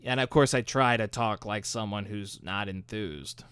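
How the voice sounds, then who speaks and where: A man hosting a live stream speaks a little slowly in a low-leaning, fairly bright, smooth voice without room sound. Talking into a studio microphone, he handles viewer comments in a chatty, upbeat, self-mocking manner.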